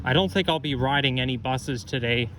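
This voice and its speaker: A man's voice: medium pitch, a little fast. A man vlogging as he walks city streets, chatty and rambling, correcting himself as he goes and a bit out of breath. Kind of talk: casual walking commentary. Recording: street noise behind outdoor walk. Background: traffic and street noise.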